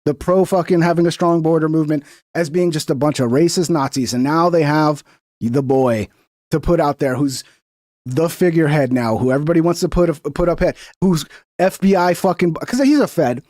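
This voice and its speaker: A man with a high-pitched voice rants into a dry, close mic, cursing and mocking in a heated, sarcastic tone. His commentary sounds like an angry, unscripted reaction stream. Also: fairly quick, a little mellow, dry recording. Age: 30s or older. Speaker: reaction show host. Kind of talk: profane political reaction commentary.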